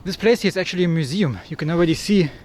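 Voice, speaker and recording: High-voiced joking male travel vlogger. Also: racing, darkish tone, slight background noise. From Germany. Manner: joking, chatty, exclaims at sights. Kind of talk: casual walking vlog narration. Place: outdoors in a city park. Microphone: action camera mic.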